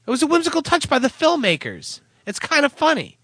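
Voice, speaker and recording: A man with a bright, high voice that swoops up and down as he teases his co-host. He sounds a little stuffy from a cold and laughs easily. The sound is close and dry. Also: huge pitch swings, fairly quick, no room sound. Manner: teasing, laughs often. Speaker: podcast co-host. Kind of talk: casual comedic chat.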